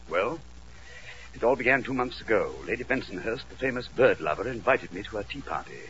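A man's voice: on the low side, a bit bright, muffled recording, pitched below the performer's own voice. A man voicing a pompous middle-aged English barrister who narrates in a plummy, melodramatic way, on a hissy old radio recording.

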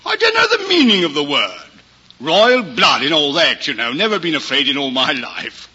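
A high, very bright and lively voice of a blustering, self-important prince, played by a man, stammering and exclaiming in a grand upper-class way. It is a storybook record. The sound is dull with a light hiss. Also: normal speed, breathy edge, full character voice. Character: pompous blustering royal prince, boastful and silly. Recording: dull, hissy old recording.

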